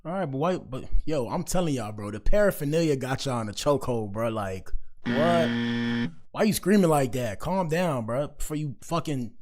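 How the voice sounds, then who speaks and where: A man's voice: mid-range voice, lively intonation, normal speed, darkish tone. Slangy man reacting to clips. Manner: slangy, exclaiming, breaks in with asides. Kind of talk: casual commentary.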